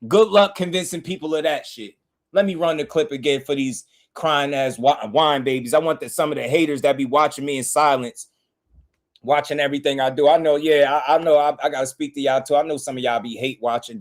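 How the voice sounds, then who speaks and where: A man's voice: mid-range voice, steady tone, brisk. A man hosting a boxing channel, ranting in casual commentary with heated, profane emphasis.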